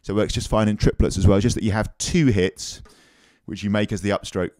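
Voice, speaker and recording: A man's voice: lowish voice, fairly even intonation, brisk, a little mellow, no echo. A man giving a drum lesson, explaining technique and counting beats aloud. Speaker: drum teacher. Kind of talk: instructional demonstration.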